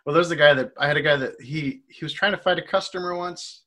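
Bright-voiced man telling bar stories. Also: a little high, moderate pace. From Washington State, USA. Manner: animated storyteller, laughs often, many fillers. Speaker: podcast host and bartender. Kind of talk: casual chat.

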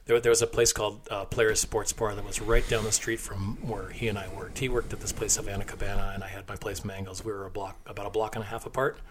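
A man's voice: on the low side, slightly rough. A man hosting a podcast, telling a rambling, crude anecdote with frequent laughs and fillers.

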